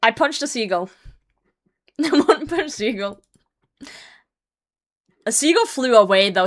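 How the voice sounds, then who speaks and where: A young adult woman chats casually with her livestream audience, telling a rambling story. She swears freely and gets animated, then drops into low mumbles at the ends of her thoughts. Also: slow pace, pauses often. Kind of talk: casual storytelling to stream chat.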